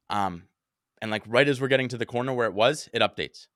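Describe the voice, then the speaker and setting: A young man hosting a podcast, casually telling a story with lots of swearing and animated quotes. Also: mid-range voice, fast, dry recording, studio quality. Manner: animated, swears often, acts out his own panicked quotes.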